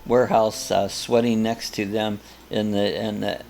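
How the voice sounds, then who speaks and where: Older man, gravelly low voice, rambling folksy chat host, faint music behind. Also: flat delivery, a little slow, darkish tone. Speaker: host of a live coffee chat. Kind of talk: casual chat, reading viewer comments aloud.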